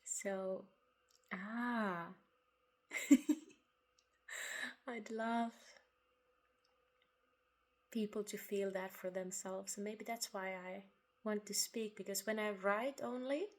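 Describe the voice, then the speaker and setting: A woman giving a reflective spoken monologue about spiritual ideas. She talks softly and without hurry, pausing often, sometimes dropping to a breathy half-whisper. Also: mid-range voice, steady tone. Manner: soft and unhurried, with long pauses, occasional breathy half-whispers and quiet laughs. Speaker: writer sharing spiritual reflections.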